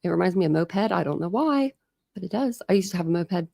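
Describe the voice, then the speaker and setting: Woman from Ohio, casual streamer, talkative, lower voice. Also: expressive, fast talker, creaky, dark tone, no echo, clean studio sound. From Ohio, USA. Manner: chatty, greets viewers by name, laughs often. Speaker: true crime livestream host. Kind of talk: casual live-stream chat.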